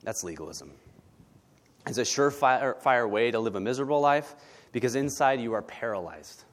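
A man's voice: medium pitch, expressive, normal speed. A male pastor preaching a sermon in a blunt, conversational way, often asking "right?". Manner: blunt, conversational, tag questions.

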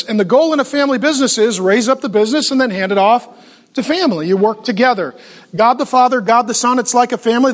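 Man preaching, really high voice, emphatic, fires off rhetorical questions and little jokes. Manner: joking asides to the audience. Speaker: pastor. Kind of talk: sermon.

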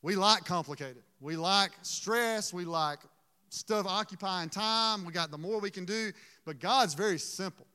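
A man's voice: high voice, measured pace, bright, forceful tone, clean tone, big-room sound. A man preaching a sermon in an earnest, emotional way, often stopping and restarting his sentences. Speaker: pastor.

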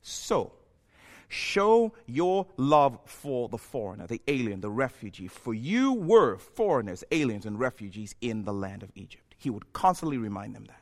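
A man preaching a sermon in a church, building from quiet, reflective passages to impassioned, near-shouted peaks. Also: mid-range voice, very animated, normal speed. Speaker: pastor.

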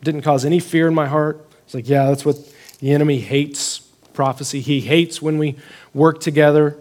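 High-voiced man preaching animatedly. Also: normal speed. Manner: animated storytelling, rising loud when proclaiming scripture. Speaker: pastor. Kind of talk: conversational sermon.

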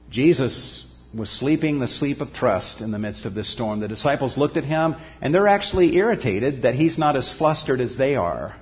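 Earnest male preacher in a reverberant hall. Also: muffled recording. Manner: earnest, building to emphatic peaks then dropping soft and low. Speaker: pastor. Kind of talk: sermon.

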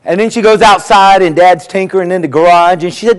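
High-voiced joking pastor in a big reverberant hall. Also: male voice, brisk. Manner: folksy storytelling, acts out voices in his jokes. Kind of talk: sermon with jokes. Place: church sanctuary.

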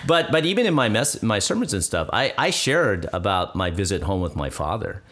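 A man who is a pastor, talking as a guest on a podcast and telling stories in an animated way. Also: on the low side, fairly quick. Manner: animated storyteller, acts out little scenes. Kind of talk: casual conversation.

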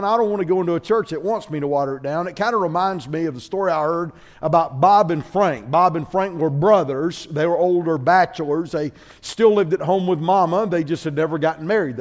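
A man preaching a sermon in church, telling a comic story with lively character voices. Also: sits high. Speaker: guest preacher.

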